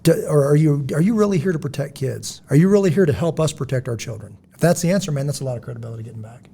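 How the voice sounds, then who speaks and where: A man hosting a podcast, talking in a blunt, emphatic, preachy way with a husky voice. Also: fairly high pitch, racing, warm tone. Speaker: podcast host. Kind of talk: casual podcast discussion.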